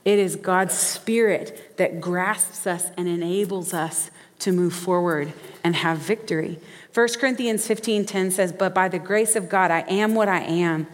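Lady preaching, folksy and lively, acts out the quotes, voice ringing in a big hall. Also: lowish voice, a little slow. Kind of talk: sermon with storytelling. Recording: reverberant hall.

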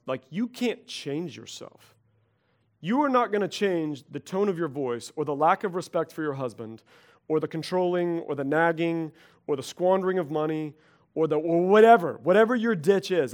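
A middle-aged male pastor preaching a conversational sermon, animated and acting out quoted voices. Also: fairly high pitch.

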